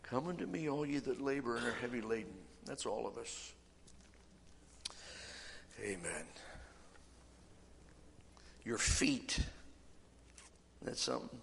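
A man preaching a sermon, swinging from shouting to hushed, near-whispered urging. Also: mid-range voice, slow, gravelly, long pauses. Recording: reverberant hall, faint room noise.

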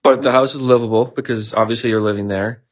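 A man's voice: mid-range voice, fairly even intonation, quick pace. A man co-hosting a podcast in casual chat, teasing his partner with short prodding questions. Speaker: podcast co-host. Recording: slightly dull lo-fi sound.

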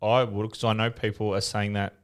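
A man's voice: lowish voice, little pitch movement, brisk. An Australian man in casual radio chat, laid-back and joking.

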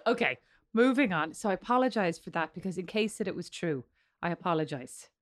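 Irish lady cohosting a podcast, kinda low voice, teasing, rambly, laughs a lot. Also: lively intonation, a little fast. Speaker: podcast co-host. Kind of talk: casual chat.

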